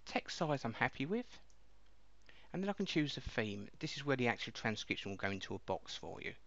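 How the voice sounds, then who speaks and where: A man casually walking viewers through a piece of software step by step, in a chatty explaining way. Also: mid-range voice, very animated, a little fast. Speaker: software reviewer. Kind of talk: casual screen-recording walkthrough. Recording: dull lo-fi dry mic.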